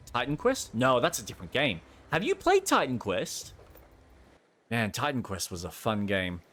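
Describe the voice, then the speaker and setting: Chatty, animated gamer. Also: male voice, mid-range voice. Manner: chatty, rambling, reacts aloud to the game. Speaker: gameplay streamer. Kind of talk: casual commentary over gameplay.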